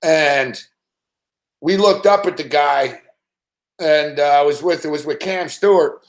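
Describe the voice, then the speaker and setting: A man hosting a sports betting show, telling a late-night story in a profane, rambling, animated way. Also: a little high, unhurried, reverberant.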